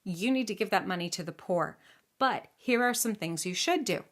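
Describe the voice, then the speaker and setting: Good-hearted storybook knight, calm and insistent, as a woman puts him on. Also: mid-range voice, normal speed. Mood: reassuring. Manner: steady, reassuring, insistent. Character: brave, kind young knight, calm and firm.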